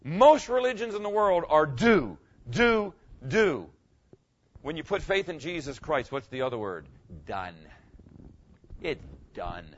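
Animated conversational pastor preaching. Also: male voice, on the high side. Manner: conversational, repeats phrases, asks the congregation questions. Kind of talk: sermon. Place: church sanctuary. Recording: dull lo-fi recording.

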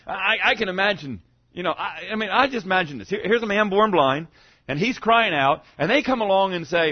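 A man preaching a sermon, swinging between loud, fervent cries and hushed, low lines. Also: animated, a little fast, muffled recording.

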